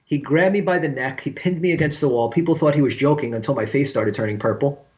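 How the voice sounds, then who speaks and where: A middle-aged man from New York, a musician guest telling a story in a casual podcast interview, animated and profane, with a lot of fillers. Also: mid-range voice, quick pace. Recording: slightly dull lo-fi sound.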